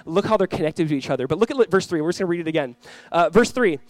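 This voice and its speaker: A young man preaching a sermon, animated and storytelling, acting out quoted voices. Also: on the high side, very fast, dry recording. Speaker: pastor.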